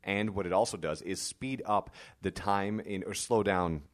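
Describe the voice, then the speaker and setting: A man with a very low voice hosts a podcast on his own. He is hoarse and his voice is fading. He talks in a loose, conversational way and fills his pauses with "uh". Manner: conversational, frequent "uh" fillers. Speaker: podcast host. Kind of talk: casual podcast monologue.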